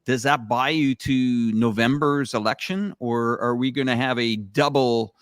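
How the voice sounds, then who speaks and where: A man's voice: medium pitch, a little slow, clear, resonant tone, dry recording. A male co-host asks long, meandering questions, hesitating often and filling the gaps with uh and you know. The sound is dry and close, with no room around it. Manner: rambling, hesitant with many fillers. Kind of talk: casual interview questions.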